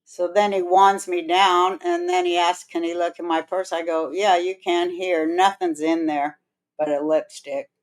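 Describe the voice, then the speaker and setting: A woman's voice: lowish voice, lively intonation, measured pace, low-quality recording. A woman hosting a podcast, telling a long rambling anecdote in casual chat and acting out other people's lines as she goes. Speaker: podcast host.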